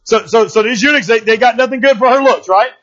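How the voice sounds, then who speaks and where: A man's voice: very high-pitched, fast talker, fairly bright tone, lo-fi sound. A man preaching a sermon as pastor, emphatic, often repeating words and asking "right?" to the congregation.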